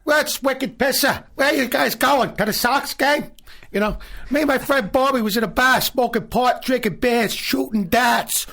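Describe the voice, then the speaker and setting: A man doing a rowdy, brash Boston working guy, pitched far up and shouted out, with a gravelly, husky edge. He sounds set back from the mic, blunt and loud as if talking across a bar. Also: moderate pace, full character voice. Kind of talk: comedic impression.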